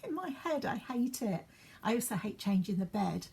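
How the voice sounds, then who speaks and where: A woman chats in a rambling way as she styles her hair for a get-ready-with-me vlog at home, dropping into soft asides. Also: mid-range voice, very animated, normal speed, creaky. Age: 50s. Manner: chatty, rambling, drops into soft asides while working. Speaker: beauty vlogger.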